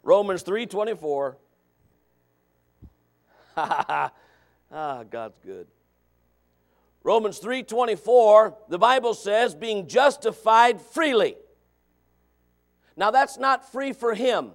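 A pastor in his thirties preaching with a high voice for a man. He talks in a chatty way, drops into quiet asides, then rises into shouted points. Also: animated, slow, long pauses. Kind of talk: sermon.

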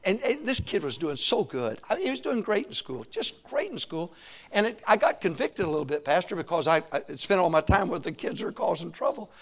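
Brief: middle-aged male preacher, higher-pitched, animated call-and-response sermon. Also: a little fast. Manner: animated, calls for answers from the congregation; laughs often while telling stories.

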